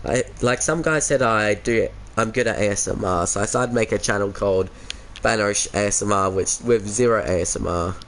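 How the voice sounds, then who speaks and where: A man's voice: fairly low pitch, fairly quick, a bit bright, a little hiss or hum. An Australian man chatting casually with viewers on a game stream through a headset mic, laid-back and chuckly, calling everyone mate.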